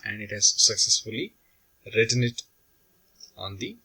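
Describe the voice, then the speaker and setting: Slow, bright-voiced man explaining software. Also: fairly low pitch, husky, low-quality recording. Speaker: software tutorial instructor. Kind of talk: screen-recorded software tutorial.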